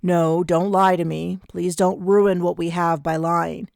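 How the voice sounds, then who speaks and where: A woman voicing a formal, gentle man who pleads softly, reading an audiobook. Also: fairly low pitch, flat delivery, measured pace, gravelly, no echo, studio quality.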